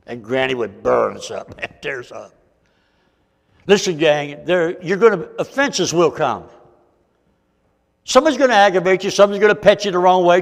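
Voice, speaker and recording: Fervent older preacher in a reverberant church. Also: male voice, on the high side, very animated, moderate pace, pauses often. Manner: fervent, folksy, pleading. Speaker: guest evangelist preacher. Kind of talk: sermon. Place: church sanctuary. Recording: long reverb of a church hall.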